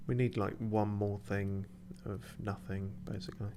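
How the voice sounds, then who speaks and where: A man with a slightly low voice plays through a game on stream, narrating casually as he goes. He mutters to himself with dry, sarcastic asides. A faint hiss sits under the recording. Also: little pitch movement, moderate pace. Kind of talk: casual let's-play commentary.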